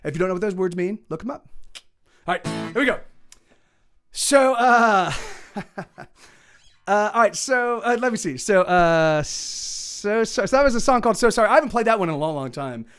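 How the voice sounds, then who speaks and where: A man's voice: high voice, expressive, normal speed, long pauses, a bit bright, clear, resonant tone. A middle-aged male musician streaming live, chatting casually between songs and rambling with many restarts. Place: home streaming setup.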